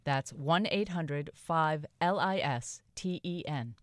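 A woman reading a scripted radio announcement with ordering details, clearly and deliberately. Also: low-pitched, dry recording, clean studio sound. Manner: clear, deliberate reading of numbers and web address. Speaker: program announcer.

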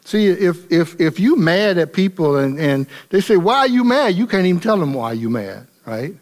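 Animated man preaching a sermon. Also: a little high, normal speed. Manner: animated, colloquial and humorous. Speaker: pastor.

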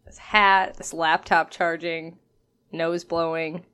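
A woman's voice: low-pitched, little pitch movement, slow, fairly bright tone, clean tone. A woman co-hosting a casual podcast from home over a call, teasing and laughing often. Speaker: podcast co-host.

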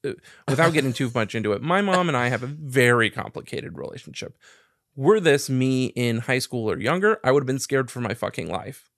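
A man's voice: medium pitch, expressive, a little fast, a bit bright, no echo, clean studio sound. A man telling a long story in casual, profane chat, laughing as he goes.

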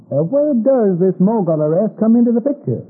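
An actor playing a concerned police commissioner who questions deliberately with pauses, in 1930s radio drama style. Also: male voice, high-pitched, sing-song, slightly rough, narrow, tinny audio, full character voice. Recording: scratchy 1930s radio transcription.

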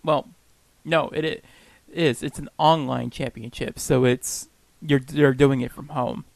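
A man's voice: mid-range voice, fairly even intonation, a little slow, vocal fry, dry recording. A man co-hosting a casual podcast chat, laughing often and poking fun at himself. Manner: laughs often, self-deprecating. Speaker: podcast co-host.

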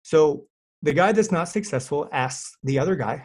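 A man's voice: on the high side, normal speed, slightly rough. A man who coaches fitness clients, chatting casually on a podcast and telling stories with lots of fillers. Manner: animated storyteller, lots of fillers.

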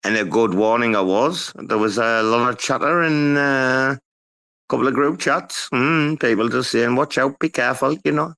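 A man hosting a loose online chat show, talking at an everyday middle pitch. He rambles from one story to the next, swears freely and hands the floor on to others. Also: moderate pace, gravelly, fairly bright tone. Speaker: co-host of a crypto community talk show. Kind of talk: casual online group chat.

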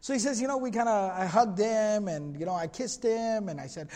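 A man giving a religious history lecture, reading passages in Arabic and retelling them in casual, animated storytelling. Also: high voice, a little fast, hardly any pauses, long reverb tail. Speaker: Islamic lecturer.

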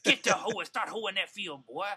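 A man voicing a bossy older white man with a high, drawling, mocking voice. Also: normal speed, bright, forceful tone, husky, heavily acted. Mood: scolding. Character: bossy old Southern white man, scolding.

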